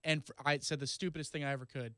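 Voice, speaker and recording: A man's voice: a little high, fairly even intonation, rapid-fire, a bit bright, no room sound. A man co-hosting a radio show in casual banter, wry and chatty as he trades stories. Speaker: radio co-host.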